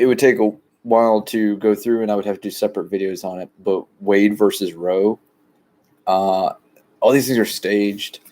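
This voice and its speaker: A man from the rural United States, talking in a rambling, plain, deliberately low-key monologue outdoors by a shed. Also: darkish tone. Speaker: vlogger.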